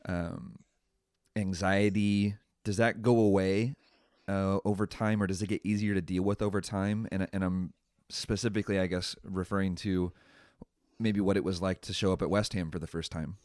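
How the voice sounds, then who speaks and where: A man hosting an interview, asking a question haltingly and rephrasing it as he goes. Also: low-pitched, little pitch movement, a little mellow, dry recording, studio quality. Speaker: interviewer, host.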